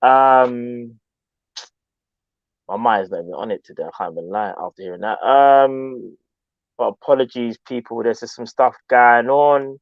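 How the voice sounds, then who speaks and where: A man's voice: medium pitch, unhurried, no room sound, dull audio. A man hosting a fan call-in show, laid-back and slangy, saying "bro" often. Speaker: host. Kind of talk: casual call-in chat.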